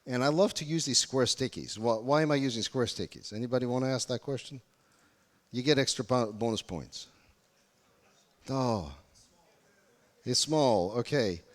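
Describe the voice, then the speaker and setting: A man at medium pitch talks at normal speed but leaves long pauses. He's presenting a UX workshop to a live audience in a conference room, asking them questions, recorded in a reverberant hall.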